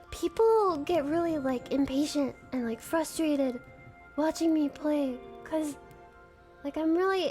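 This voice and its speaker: Young woman streamer, very high, giggly, rambling casual chat. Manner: giggly, rambling, self-conscious fangirling.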